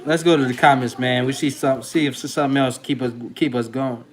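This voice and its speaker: A man's voice: mid-range voice, steady tone, a little fast, a little hiss or hum. A man hosting his dog-breeding channel, talking in loose, slangy, rambling commentary. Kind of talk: casual vlog commentary.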